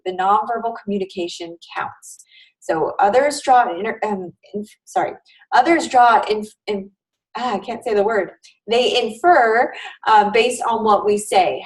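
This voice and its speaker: A woman's voice: on the high side, far from the mic, low-quality recording. A woman instructor giving a live online class lecture in a conversational way, often checking in with her students. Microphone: video call.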